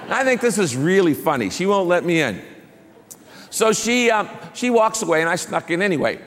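A man's voice: high-pitched, big pitch swings, fairly quick, in a large hall, slight background noise. A man preaching a sermon as a pastor, telling stories with humor and building to emphatic preaching.

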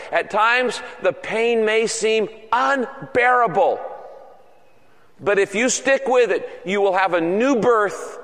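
A man's voice: high-pitched, fairly bright tone, in a large hall. A male pastor preaching a sermon in an earnest, repetitive cadence.

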